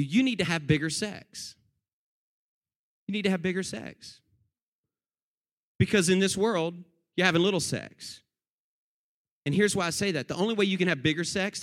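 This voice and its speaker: A man preaching a sermon to his congregation, animated and addressing them directly. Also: fairly high pitch. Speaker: pastor.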